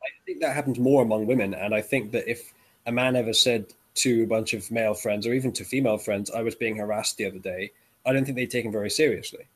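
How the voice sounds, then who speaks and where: A man in a casual online debate who asks questions in a measured way, often hesitating, over a voice call. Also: medium pitch, fairly even intonation, breathy edge, low-quality recording. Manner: measured, hesitant with ums and uhs. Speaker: guest debater, interviewer.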